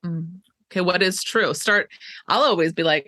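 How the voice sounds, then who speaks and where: A woman's voice: fairly low pitch, normal speed, pushed and bright, no room sound. A woman coach co-hosting a podcast in casual chat, upbeat and encouraging, speaking from her desk. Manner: upbeat, encouraging, fillers like "you know". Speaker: life coach, podcast co-host.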